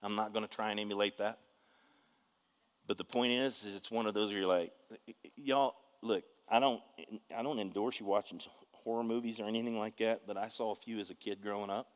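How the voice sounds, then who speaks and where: A man, preaching a testimony in an animated storytelling way with bursts of shouting. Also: lowish voice, brisk, big-room sound. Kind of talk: testimony sermon.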